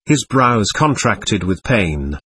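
A man narrating an audiobook in a steady, literary reading style. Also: on the low side, slow, breathy edge.

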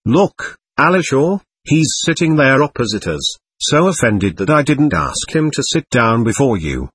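A man raising his voice to play an excitable young woman who chatters and teases with a lilting, lively rise and fall. The tone is a little husky and dry, and it is heard close up as a storybook reading. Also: medium pitch, measured pace, no echo, exaggerated voice. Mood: teasing. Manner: chattering, teasing, bright lilt.

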